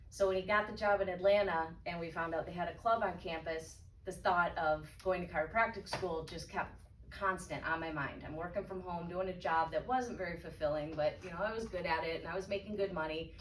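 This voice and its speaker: A woman's voice: lowish voice, steady tone, a little fast, a little hiss or hum. A woman in her thirties speaking as a guest at an evening event, telling a candid personal story with frequent restarts. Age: 30s. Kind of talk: personal testimony talk. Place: event room. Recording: echoey room, voice from far off, faint ambience.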